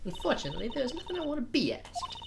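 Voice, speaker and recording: A woman voicing a snobby, spiteful young woman who sneers and insults, reading game dialogue in a theatrical, drawn-out way. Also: high voice, very animated, a little hiss or hum, pitched above the performer's own voice, heavily acted. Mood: sneering. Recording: game music clearly behind.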